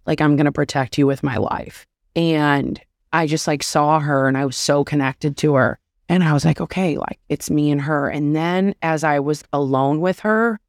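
A woman's voice: low-pitched, no echo, studio quality. A woman in her thirties, a podcast guest, talking openly and casually about motherhood, with lots of "like". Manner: open, confessional, says "like" often. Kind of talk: candid casual chat.

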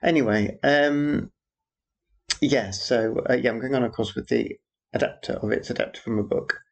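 Gravelly man rambling dryly. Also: medium pitch, moderate pace. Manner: rambling, dry wry asides on passers-by. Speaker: theatre worker. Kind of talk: rambling personal audio diary.

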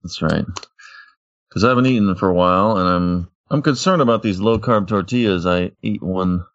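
A man chatting casually as a podcast co-host, talking in a relaxed, thoughtful way. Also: sits low, normal speed, dry recording, lo-fi sound. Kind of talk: casual chat.

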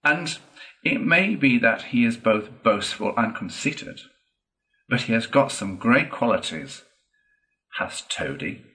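A man voicing a cheerful, good-natured male water rat who talks briskly and confidently in a storybook reading. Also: medium pitch, sing-song, sharp tone, full character voice, rough recording.

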